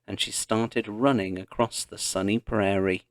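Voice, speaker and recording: A man narrating a children's historical story in a deliberate read-along style. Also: lowish voice, fairly even intonation, gravelly, no echo, studio quality. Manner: slow, deliberate reading.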